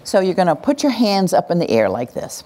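Speaking briskly in a fairly low voice, this woman runs a hands-on workshop for a group gathered in a room. Her delivery is lively, and she mimics cheering voices along the way.

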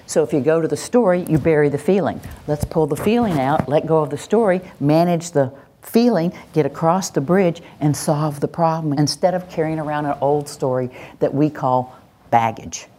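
A woman with a low, mellow voice teaching a workshop. She speaks calmly and coaches her listeners, easing into gentle, hushed phrases to show how to soothe a child. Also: normal speed, slight background noise. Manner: calm, coaching, slips into soft soothing phrases when demonstrating. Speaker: parenting and classroom trainer. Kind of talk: workshop teaching with acted demonstrations.

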